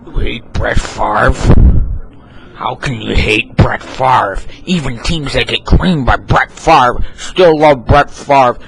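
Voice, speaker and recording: A man's voice: takes it slowly, vocal fry, very noisy. A man voicing a rambling older football commentator in a homemade comedy sketch, repeating himself in circles. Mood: insistent. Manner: repetitive, circular, exclamations of "boom". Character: rambling older male football commentator, fixated on one quarterback.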